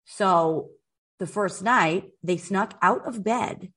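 Animated, swearing woman telling stories. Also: medium pitch, slow. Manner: animated storyteller, swears freely, lots of "like". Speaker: podcast host. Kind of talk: casual chat.

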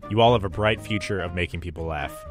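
A man's voice: deep voice, quick pace, soft background music. A man hosting a radio segment, narrating in a scripted, wry, self-deprecating way.

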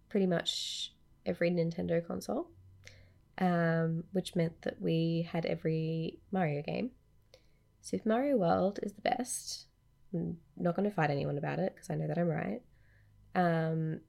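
A woman's voice: fairly low pitch, vocal fry, dark tone. A woman co-hosting a casual podcast, sleepy and just awake, talking in a dry, offhand way. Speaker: podcast co-host. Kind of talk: casual chat.

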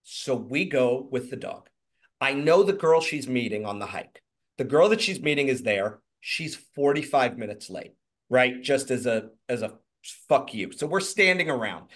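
A man's voice: mid-range voice, moderate pace. A man casually telling a personal story, acting out what people said in changing voices and swearing freely. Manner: animated, acts out quotes in shifting voices.

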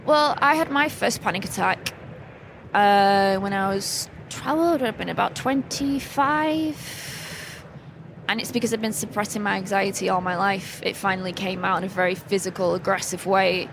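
A woman's voice: mid-range voice, normal speed. A woman, a guest in a casual podcast chat, talking candidly and with self-deprecating humour. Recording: noisy background hiss.

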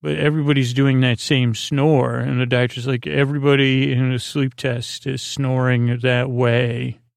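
A man hosting a sleep podcast, retelling an episode in a meandering, hesitant way with many pauses and restarts. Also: medium pitch, little pitch movement, vocal fry, no echo, clean studio sound. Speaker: podcast host.

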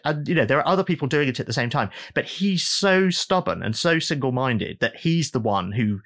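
A middle-aged man, an author being interviewed, explaining in a lively storytelling way and acting out quoted voices. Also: mid-range voice, a little fast. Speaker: author and guest.

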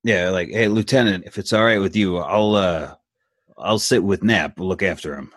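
Deep husky male tabletop player. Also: moderate pace, no echo, studio quality. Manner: excitable, swears, laughs easily. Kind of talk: casual role-play chat.

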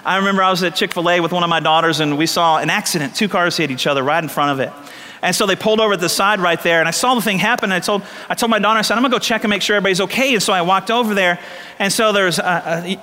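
A pastor preaching a sermon, telling stories and repeating lines for emphasis. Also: male voice, high voice, racing, pushed and bright. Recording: long hall reverb.

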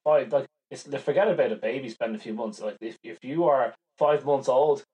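Brief: man, vet co-host, rambling and animated, mid pitch. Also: brisk, poor audio. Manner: rambling, animated storyteller who quotes voices. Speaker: veterinarian podcast co-host. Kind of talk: casual chat.

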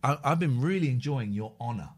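A man's voice: mid-range voice, lively intonation, fairly quick, breathy edge. A man co-hosting a podcast, chatting in a teasing, jokey way and reading out odd news stories. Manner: teasing, jokey, breaks into silly voices. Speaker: podcast co-host. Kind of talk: casual comedic chat.

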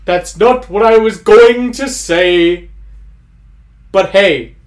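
A man doing a high-voiced silly giant. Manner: slow, goofy rhyming delivery. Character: silly rhyming male giant. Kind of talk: comedy sketch.

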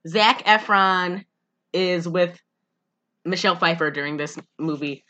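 A woman's voice: lowish voice, measured pace, bright, forceful tone. A woman co-hosting a casual podcast, sarcastic and profane, often exasperated and laughing. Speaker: podcast co-host. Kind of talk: casual movie-recap podcast chat.

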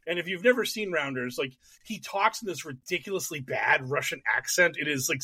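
A man's voice: on the high side, sharp tone, slightly rough, no echo. A man hosting a casual political podcast over a call, rambling, self-deprecating and profane. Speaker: podcast host.

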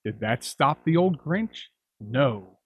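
Man, host, storybook reader, husky voice, slow and dramatic. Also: medium pitch, lively intonation, dull audio. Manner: dramatic, drawing out repeated words. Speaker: narrator and show host. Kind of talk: storybook reading of rhyming verse.

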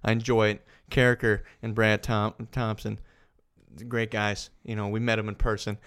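A young man co-hosting a casual podcast chat, ranting in an animated way with lots of swearing. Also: fairly low pitch, moderate pace, smooth. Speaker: podcast co-host.

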